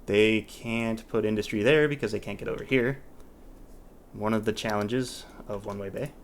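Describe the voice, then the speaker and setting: In casual gameplay commentary, a man with a lowish voice speaks at a moderate pace over a slight hiss or hum. He hosts a let's play, thinking aloud, restarting and trailing off his sentences with mild exasperation.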